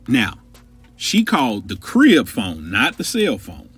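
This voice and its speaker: A man telling a wild personal story on his podcast, with a husky voice that swings up and down. He talks straight to his listeners, loose and profane. Faint music plays under him. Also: mid-range voice, slow pace. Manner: animated, profane, conversational. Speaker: podcast host.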